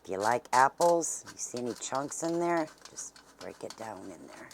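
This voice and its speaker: A woman's voice: rumbling low, very animated, normal speed, gravelly, a little hiss or hum. Folksy woman chatting while baking. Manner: chatty and folksy, drops to a near whisper at times. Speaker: cooking channel host. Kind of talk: casual cooking demonstration. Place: home kitchen.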